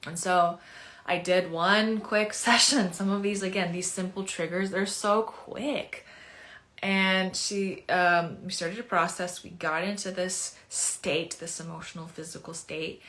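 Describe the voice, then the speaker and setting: A woman coach tells stories about her clients in a lively, casual way, with a lot of "like" fillers. Her voice sits fairly low for a woman. Its tone is bright and forceful. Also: a little slow. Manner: animated, acts out clients' words, many "like" fillers. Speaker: anxiety and trigger coach. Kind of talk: casual storytelling to camera.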